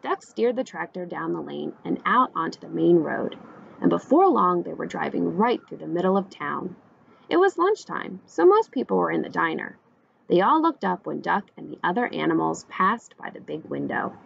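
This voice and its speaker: A woman, a teacher, reading a children's picture book aloud with expressive, animated storytelling. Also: on the low side, normal speed, creaky, muffled recording, a little hiss or hum.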